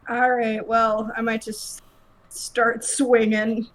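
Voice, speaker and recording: A woman's voice: on the high side, little pitch movement, takes it slowly, rough recording. A woman playing a tabletop game, chatty and thinking her moves through aloud. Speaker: player. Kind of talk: casual tabletop play.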